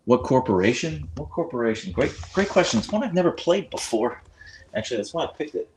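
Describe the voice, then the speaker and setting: A man's voice: mid-range voice, big pitch swings, brisk, noisy background. A man hosting a casual livestream from his phone, chatting and reading viewer comments aloud. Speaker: livestream host. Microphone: phone with clip-on mic.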